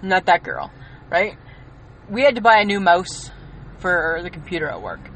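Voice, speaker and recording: A woman's voice: lowish voice, huge pitch swings, normal speed, low-quality recording. A woman from Canada co-hosting a podcast, telling stories in a dry, teasing way. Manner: dry, teasing, mock-indignant. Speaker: podcast co-host. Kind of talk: casual chat, storytelling.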